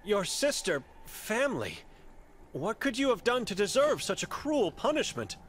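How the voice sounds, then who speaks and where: An actor playing an earnest monk investigator in a video game, asking polite, gently probing questions. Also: male voice, high-pitched, wildly swooping pitch, a little slow, a little hiss or hum, heavily acted. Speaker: game character.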